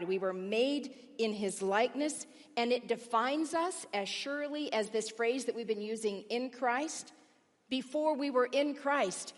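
A woman preaching a sermon as pastor, explaining in a measured, teaching manner. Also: on the high side. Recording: long reverb of a large hall.

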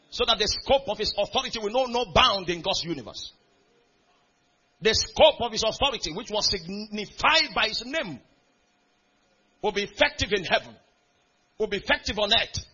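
High, bright-voiced male preacher. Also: animated, moderate pace, slightly rough, dull audio. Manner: calls out questions to the congregation; reads scripture aloud in a rising, building cadence. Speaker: pastor. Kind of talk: sermon. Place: church hall.

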